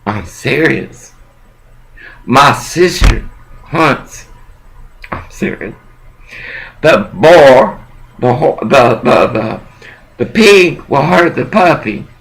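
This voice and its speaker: A man's voice: medium pitch, lively intonation, slow, vocal fry, poor audio. A man from Texas, delivering a heated, profane, rambling monologue to the camera.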